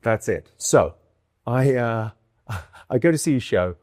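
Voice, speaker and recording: A British man in his own voice, chatting animatedly as an interview guest, with a mid-range pitch. He acts out quoted lines in quick bursts. The sound is close and dry. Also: dry recording. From United Kingdom. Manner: quick, lively storytelling with acted-out quotes and bursts of laughter. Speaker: guest comedian. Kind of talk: animated conversational storytelling.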